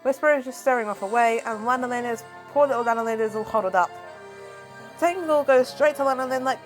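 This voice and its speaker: A woman reviewing a comic book, recapping it in a chatty, animated casual way. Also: on the high side, fast, faint music behind, rough recording.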